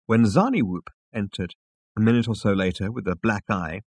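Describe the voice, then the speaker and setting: A man reading an audiobook as narrator, lively and theatrical, on a close microphone. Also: lowish voice, normal speed.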